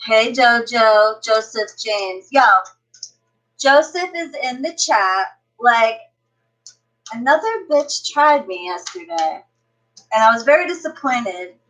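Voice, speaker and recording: Woman livestreamer, tarot reader, profane, brash, slow-paced, slightly high. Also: animated, a bit bright, poor audio. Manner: brash, profane, greets chatters by name. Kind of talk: casual livestream chat.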